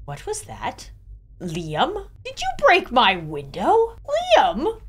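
A woman's voice: on the high side, wildly swooping pitch, takes it slowly, breathy edge, faint music behind. A young woman giving joking, self-mocking commentary on a video game as she plays, laughing often. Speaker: gaming YouTuber.

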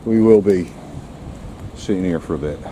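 On a rainy seafront, a man with a low, dark voice vlogs while walking his dog, chatting away, addressing the dog and laughing at his own expense. He talks at a moderate pace. The handheld camera gives a rough recording with faint outdoor sounds.

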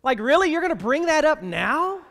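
A man's voice: extremely high pitch, sing-song, normal speed, vocal fry, a bit bright, big-room sound. A man preaching a sermon as pastor, plainspoken and wry, speaking to the congregation in a conversational way and asking them rhetorical questions. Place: church sanctuary.

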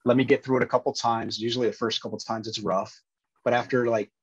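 A man with a breathy, husky voice talks through his acting experience in a relaxed interview. He rambles earnestly and restarts his sentences often. The audio is dull and muffled, with no room sound at all. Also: medium pitch, fast, dry recording. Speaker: actor and former police officer, podcast guest. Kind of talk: casual interview chat.

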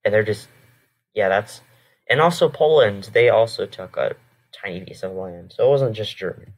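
A man's voice: on the low side, normal speed. Rambling man reacting with many ums. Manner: hesitant, rambling with many fillers and self-corrections. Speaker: reaction video host. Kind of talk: casual reaction commentary.

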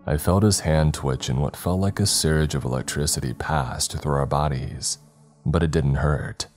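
Very deep-voiced male horror narrator. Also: darkish tone. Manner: slow, measured, dramatic reading. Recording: faint background music.

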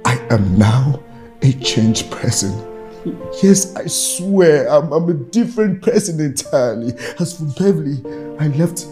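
A stammering, begging Nigerian husband. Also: male voice, fairly high pitch, lively intonation, a little slow, over music. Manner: stammering, pleading, repeats words. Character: remorseful young husband begging his wife.

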